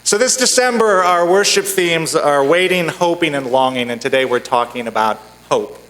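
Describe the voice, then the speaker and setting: A man's voice: fairly high pitch, expressive, fairly bright tone, slight background noise, rough recording. Man preaching a sermon in a sanctuary. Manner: storytelling with a joke, measured. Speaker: minister. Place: church sanctuary.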